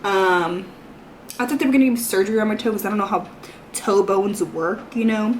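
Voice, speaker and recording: A woman's voice: medium pitch, fairly quick, slight background noise. A young woman vlogging in a casual storytime, rambling and chatty, filling her talk with "like" and "you know".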